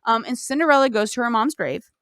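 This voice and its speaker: A woman's voice: on the high side, expressive, fast talker, fairly bright tone, dry recording, studio quality. A woman hosting a podcast, retelling a fairy tale in a casual, profane, rambling way. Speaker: podcast host. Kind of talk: casual storytelling.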